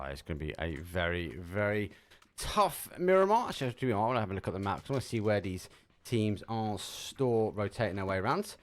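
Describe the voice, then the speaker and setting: Brief: male esports caster, Essex accent, chatty and bantering, low voice with an animated lilt. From England. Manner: lively, jokey, says mate a lot. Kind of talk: live esports commentary.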